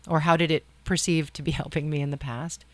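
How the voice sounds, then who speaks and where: A woman's voice: low voice, steady tone, fairly quick. A woman guest, a medical doctor, talking reflectively in an interview and often rephrasing mid-sentence. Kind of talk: conversational interview.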